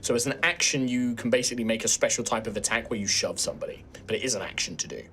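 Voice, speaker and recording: A man's voice: mid-range voice, rapid-fire, fairly bright tone, a little hiss or hum. Guy running a dnd game, rambly, lots of um and like, mid voice. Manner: rambling, filler-heavy explanations. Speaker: game master. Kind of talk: narrating and ruling a tabletop game.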